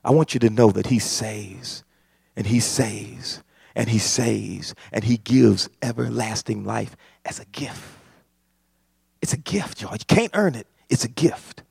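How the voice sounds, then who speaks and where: A man preaching a sermon, impassioned and building to shouts. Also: on the low side, measured pace, gravelly, husky, no echo, studio quality. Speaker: pastor.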